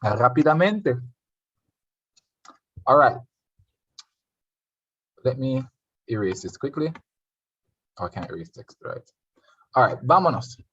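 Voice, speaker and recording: A man's voice: medium pitch, very animated, slow, long pauses, a bit bright, husky, dry recording, muffled recording. Jamaican man tutoring Spanish on a call. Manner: mixes English and Spanish, quizzes students. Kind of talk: online revision lesson.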